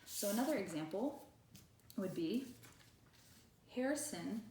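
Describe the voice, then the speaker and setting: A woman teacher walking through a grammar lesson, reading example sentences slowly and deliberately. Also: medium pitch, lively intonation, mellow, a little hiss or hum. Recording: echoey room, voice far from the mic.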